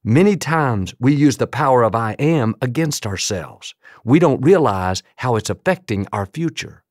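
A man preaching a sermon in a rhythmic, emphatic way, slowing down on quoted phrases. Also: medium pitch, lively intonation, no room sound, studio quality. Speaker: pastor.

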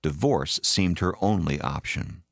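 Deep-voiced man narrating an audiobook. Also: measured pace, creaky, no echo, clean studio sound.

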